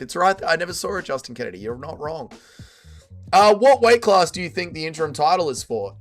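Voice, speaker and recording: An Australian man hosts a casual livestream, reading chat comments aloud with blunt, crude banter. His voice is a little high, bright, animated and fast, yet sounds tired and sore.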